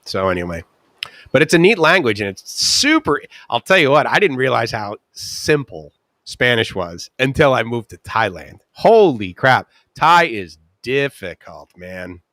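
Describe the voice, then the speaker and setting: A middle-aged man hosting a casual live stream, rambling through stories with quick asides and acted-out voices. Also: mid-range voice, very animated, pushed and bright, no room sound, studio quality. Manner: chatty storyteller, quick asides and laughs, acts out voices. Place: ocean-view bungalow.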